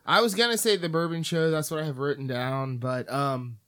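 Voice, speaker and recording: A man's voice: on the high side, fairly even intonation, a little fast, sharp tone. A man co-hosting a casual podcast, laid-back and often trailing off as he talks. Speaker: podcast co-host. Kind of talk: casual chat.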